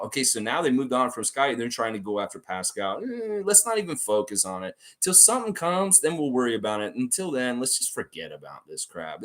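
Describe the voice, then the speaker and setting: Animated male fan livestream host. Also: fairly low pitch. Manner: animated, reads viewer comments aloud and reacts. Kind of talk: casual livestream chat reading comments.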